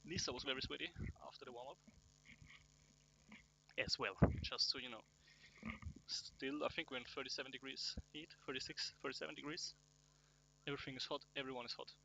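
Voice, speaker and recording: A man's voice: medium pitch, fairly even intonation, a little fast, creaky, long pauses, sharp tone, a little hiss or hum, poor audio. Easygoing man calling amateur football. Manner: easygoing, plain play-by-play. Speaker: match commentator. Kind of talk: casual amateur sports commentary.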